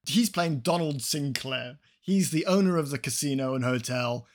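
A man's voice: medium pitch, normal speed. A man co-hosting a podcast, recapping a film scene by scene in a wry, exasperated casual chat. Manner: wry, exasperated, fond of tangents.

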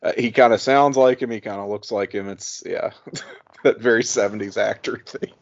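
A man's voice: fairly low pitch, normal speed, gravelly, muffled recording. A man co-hosting a podcast, chatting casually and laughing often as he talks. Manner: amused, laughs often while talking. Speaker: podcast co-host. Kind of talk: casual chat recapping a TV episode.

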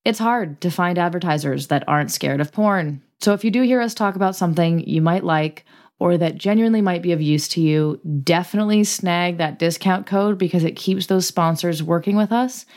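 Woman podcast host, playful, giggly, casual chat, reads ads brisk. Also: fairly low pitch, darkish tone.

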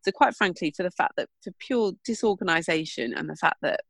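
A middle-aged woman co-hosting a casual chat, telling animated stories and acting out what people said. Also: fairly low pitch, fairly quick, no echo. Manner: animated storyteller, acts out quotes. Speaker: podcast co-host.

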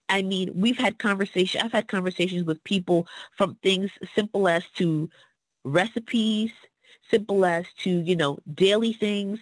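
A woman's voice: mid-range voice, moderate pace, no room sound, rough recording. A woman as a podcast guest, telling her own story in an earnest, casual way and acting out the people she quotes. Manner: earnest, acts out quoted people in lively voices.

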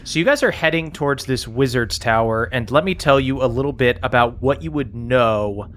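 A man's voice: mid-range voice, moderate pace, slight background noise. Laid-back man running a tabletop game. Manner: relaxed, laughs often, many fillers. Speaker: game master.

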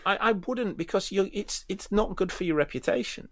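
A man who coaches tennis, co-hosting a casual podcast and talking in an animated way with frequent restarts. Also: sits high, normal speed, slight background noise. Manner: animated, restarts often, acts out quotes.

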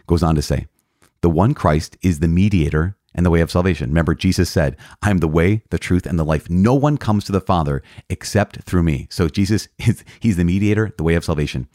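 A man's voice: sits low, brisk, warm tone, no room sound, clean studio sound. A man, a priest, teaching from the catechism in an earnest, emphatic way, often restarting and correcting himself.

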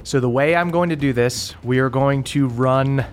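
A young man narrating as a game master in a relaxed way, with many ums and uhs. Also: medium pitch, normal speed.

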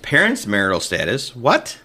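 A middle-aged man co-hosting a podcast, chatting casually and joking over cocktails in an animated way. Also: mid-range voice, moderate pace. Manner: animated, joking, trails off mid-sentence. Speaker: podcast co-host.

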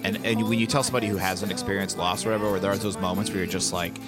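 A man's voice: low-pitched, steady tone, racing. A man co-hosting a casual music podcast, joking and bantering. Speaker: podcast co-host. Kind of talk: casual chat.

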